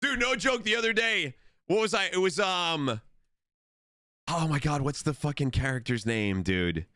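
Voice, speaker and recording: A man's voice: on the high side, expressive, normal speed, bright, forceful tone, no room sound, clean studio sound. A young man live-streaming, chatting casually and rambling with lots of swearing while reading out his chat. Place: home streaming setup. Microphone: desk microphone.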